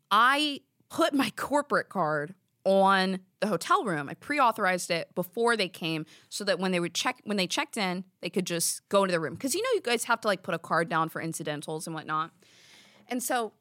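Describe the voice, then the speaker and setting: A woman's voice: medium pitch, sharp tone, no echo, studio quality. A young adult woman, hosting a podcast and telling a story in a chatty, exasperated way full of "like"s. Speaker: podcast host. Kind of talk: casual storytelling.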